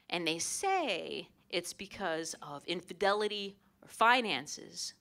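A woman doing a wry, animated stand-up comedy set on a club stage, through a handheld stage mic. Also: mid-range voice. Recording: live club, audience laughter.

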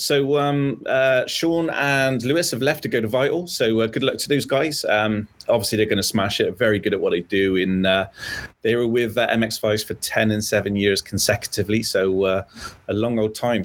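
Male show host, mid-pitched, halting, with frequent fillers. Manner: hesitant, with many ums and uhs. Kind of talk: casual chat.

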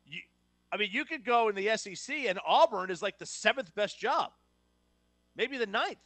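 A man from New Jersey co-hosting a casual sports talk show, emphatic and quick to restart his sentences. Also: high voice, lively intonation, sharp tone, no echo. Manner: emphatic, repeats words when starting sentences. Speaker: sports radio co-host.

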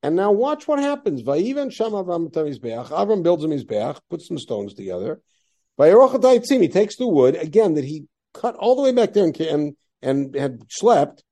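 Guy teaching a bible class, bit higher voice, mellow, lots of rhetorical questions. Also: moderate pace. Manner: animated, reads Hebrew verses then explains them. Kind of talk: classroom Torah lesson.

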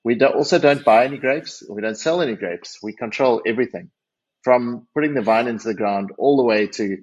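He has a medium-pitched voice that's husky and a little mellow, and he keeps a brisk pace. As a winery's managing partner from South Africa, he chats on a radio interview with lots of restarts and self-mocking humour, heard through dull lo-fi audio.

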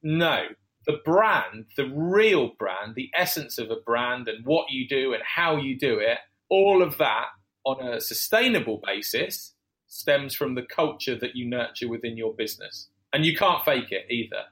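A man's voice: mid-range voice, lively intonation, a little slow, fairly bright tone. A man speaking as a business founder guest on a podcast, talking reflectively with fillers and self-corrections. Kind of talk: conversational interview answers.

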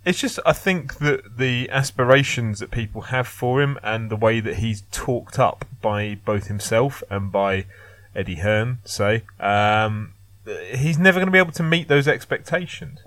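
A man's voice: mid-range voice, unhurried, fairly bright tone, no room sound. A man giving blunt, opinionated boxing analysis in a casual podcast chat, laughing and swearing now and then. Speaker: boxing pundit.

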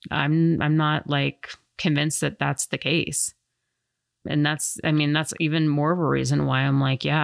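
Gravelly-voiced woman podcast host. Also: sits low, dry recording, clean studio sound. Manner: rambling, many fillers. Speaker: firearms instructor. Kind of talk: casual podcast chat.

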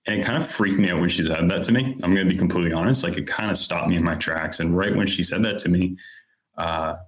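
Low voiced guy in his 30s, podcast guest telling his story, earnest and candid, says like a lot. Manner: earnest, candid, lots of "like" and "you know". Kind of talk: personal storytelling in conversation.

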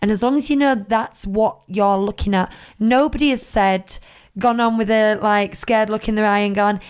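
A woman's voice: mid-range voice, normal speed, clear, resonant tone. A woman co-hosting a podcast, chatting casually and acting out quotes as she tells stories. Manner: chatty, animated storytelling with acted-out quotes. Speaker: podcast co-host. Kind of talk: casual chat.

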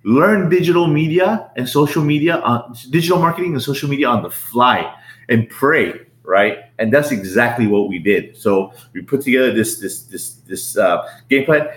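A middle-aged man, a business owner, telling his story as a podcast guest in a lively, casual way, often repeating words and acting out what people said. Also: normal speed. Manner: animated, repeats words, acts out quotes in a higher voice. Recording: roomy echo.

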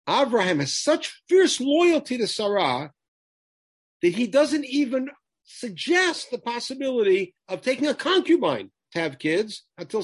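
A man's voice: high voice, slightly rough, no echo. A man teaching a Torah lesson, quoting Hebrew verses and translating them emphatically. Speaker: Bible teacher.

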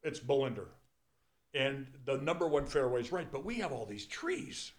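An older man, a guest in a studio interview, telling a long anecdote in a lively, casual way with frequent swearing and bursts of laughter. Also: medium pitch, moderate pace. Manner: animated, swears freely, breaks into laughter.

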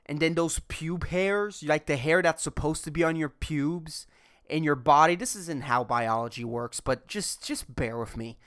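A man's voice: a little high, measured pace, a bit bright, smooth. A man hosting his own podcast, talking alone in a rambling, profane comic rant. He gets worked up, laughs at his own jokes and restarts his sentences often. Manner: exasperated, agitated. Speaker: podcast host. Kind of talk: solo comedic rant.

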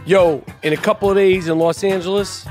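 A man's voice: high voice, steady tone, fairly quick, a little mellow, soft background music. A man hosting a podcast, telling stories in casual chat, heated and full of swearing. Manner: profane, heated storytelling. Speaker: podcast host.

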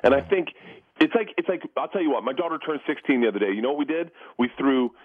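A man in his forties, a comedian guest in a casual interview, telling animated stories, laughing often and acting out the voices of the people he quotes. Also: mid-range voice, quick pace, slightly rough, no room sound, phone-quality sound.

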